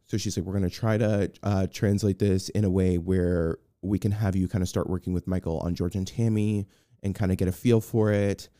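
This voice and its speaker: In a casual interview, the guest, who is a film personal assistant, tells a long, wandering story with lots of restarts, performing the voices of people he quotes. His low-pitched voice is warm, clean, and steady at a moderate pace. The studio audio is clean and dry.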